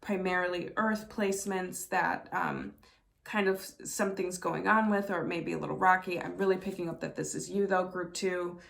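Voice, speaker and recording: A young adult woman giving a casual tarot reading, talking excitedly with emphatic bursts and laughs. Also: lowish voice, normal speed, vocal fry. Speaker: intuitive tarot reader.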